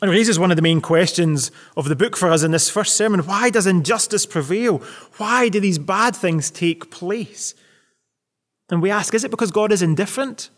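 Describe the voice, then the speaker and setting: Preaching on a Sunday at normal speed, a pastor earnestly puts question upon question to the congregation. His voice is high for a man, and a long echo lingers after his words.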